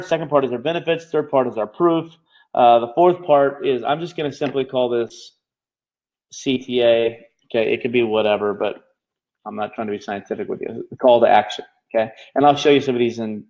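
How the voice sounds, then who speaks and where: A male instructor rushes through a live online marketing lesson, checking in with his listeners every few phrases. His voice sits at an ordinary middle pitch. The recording is a little dull and lo-fi. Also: darkish tone. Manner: fast-talking, constantly checking in with "okay?". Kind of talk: live online class teaching.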